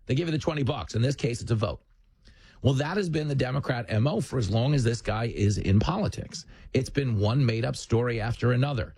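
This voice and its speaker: A man's voice: medium pitch, fairly quick, a little mellow, breathy edge, no room sound. A male host delivering a punchy, combative political commentary monologue with jokes, on a studio mic.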